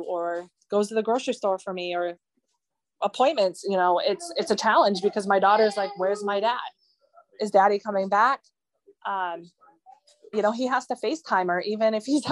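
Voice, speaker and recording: A woman's voice: mid-range voice, no echo. A woman guest telling her family's story in an earnest, rambling way, with many fillers. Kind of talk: emotional personal account.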